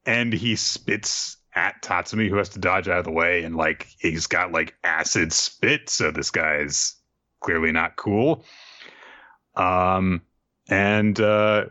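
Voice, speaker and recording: A man casually recapping an anime episode as a podcast co-host, rambling with fillers and quick asides. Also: sits low, fairly even intonation, pushed and bright, dry recording, lo-fi sound. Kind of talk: casual chat.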